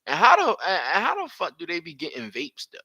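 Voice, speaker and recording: A young man giving blunt, profane live reaction commentary full of slang and loud outbursts. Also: high-pitched, wildly swooping pitch, fairly quick, slightly rough, no room sound.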